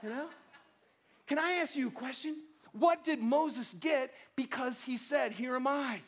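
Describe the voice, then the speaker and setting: Guy pastor, super high voice, talky playful sermon style. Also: unhurried. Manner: lively, chatty preaching with playful asides and repeated words. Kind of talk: casual conversational sermon.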